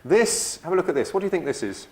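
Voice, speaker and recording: A man's voice: on the high side, sing-song, quick pace, darkish tone. A man giving a live science demonstration lecture to an audience, upbeat and encouraging.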